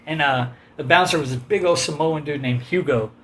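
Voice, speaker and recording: Casual male storyteller, slightly high voice, rambling and animated, faint room hum behind. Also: fairly quick. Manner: rambling, animated anecdote with quoted voices and laughs. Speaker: host telling a story.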